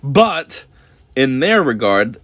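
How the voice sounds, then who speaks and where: A man talks through a scene in casual commentary. He rambles, chuckles often and fills his sentences with "like" and "um". His voice sits at an ordinary pitch. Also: very animated, slow pace, a bit bright. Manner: rambling, chuckling, lots of fillers. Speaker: video commentator.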